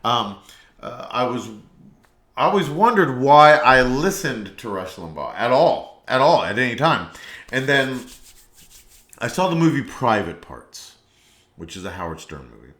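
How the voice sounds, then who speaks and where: A man's voice: medium pitch, big pitch swings, unhurried, fairly bright tone. A man hosting a casual solo podcast, talking in a loose, rambling, meandering way. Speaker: podcast host. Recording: echoey room.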